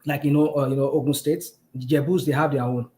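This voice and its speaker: A man's voice: mid-range voice, steady tone, fast talker, a little mellow. A Nigerian man hosting a casual chat, explaining earnestly with many fillers. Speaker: host.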